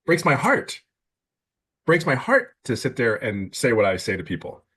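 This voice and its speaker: A man in his fifties giving an emphatic, casual testimonial on a webinar video call, stumbling over words when excited. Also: mid-range voice, normal speed, husky. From California. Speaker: webinar guest.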